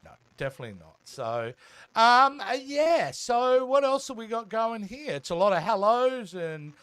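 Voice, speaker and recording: A man's voice: extremely high pitch, sing-song, normal speed, fairly bright tone, smooth, no room sound. A man with an Australian accent co-hosting a casual live show, greeting viewers and trailing off with fillers. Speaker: co-host.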